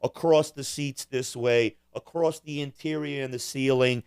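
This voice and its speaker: A man's voice: medium pitch, steady tone, unhurried, darkish tone, clean tone, dry recording, clean studio sound. A man co-hosting a podcast, rambling through crude jokes and profane rants in casual chat. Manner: rambling, profane, jokey impressions. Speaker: podcast co-host.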